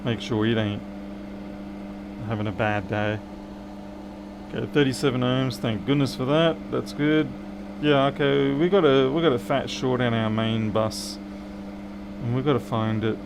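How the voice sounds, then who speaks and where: A man's voice: medium pitch, fairly even intonation, unhurried, gravelly, noisy background. A man, a repair technician bantering with viewers and muttering to himself while he works on a live stream.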